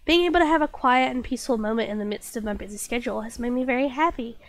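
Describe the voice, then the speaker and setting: A woman's voice: a little high, quick pace, close to an everyday voice. A stuffy-nosed woman reading as a polite secretary. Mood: courteous. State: recovering from a cold, stuffy nose. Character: polite, dutiful female secretary writing a letter.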